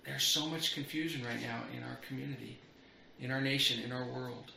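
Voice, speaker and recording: A man's voice: medium pitch, steady tone, fairly quick, gravelly, bright, forceful tone, slight background noise. A middle-aged man preaching a sermon as pastor, earnest and building on repeated phrases. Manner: earnest, repetitive build-ups. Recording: roomy echo.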